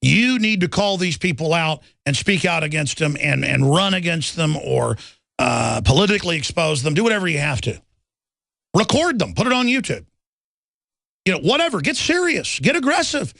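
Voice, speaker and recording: A man's voice: on the high side, big pitch swings, moderate pace, creaky, a bit bright, dry recording, studio quality. A man hosting a talk radio show, delivering an urgent, alarmed monologue with sarcastic asides.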